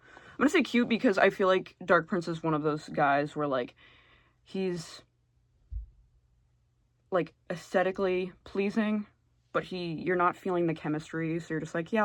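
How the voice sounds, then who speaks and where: A young adult YouTuber ranks game characters, delivering blunt, sarcastic comedic commentary in a casual style and swearing freely. The voice is medium-pitched with a fairly bright tone, and there's no echo.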